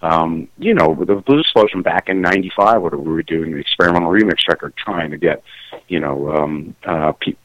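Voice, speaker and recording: A middle-aged man with a very low, deep voice answers questions in a casual interview. He trips over his words, restarting sentences and laughing at himself. The sound is dry and close, with no room around it. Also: a bit bright, dry recording, poor audio. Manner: halting, full of restarts and fillers, self-conscious laughs. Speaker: musician guest.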